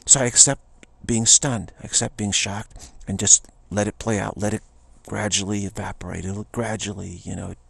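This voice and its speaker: A man's voice: fairly low pitch, steady tone, normal speed, vocal fry, hardly any pauses, a bit bright, breathy edge. A man giving an informal spiritual talk in a rambling, repetitive way, often slipping into quoted voices. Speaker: spiritual teacher.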